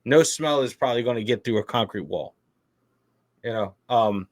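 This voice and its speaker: A man co-hosts a podcast in casual chat at an average pitch, explaining things loosely and filling his sentences with "you know." His talk is relaxed and unpolished. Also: normal speed. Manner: casual, explaining with many fillers. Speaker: podcast co-host.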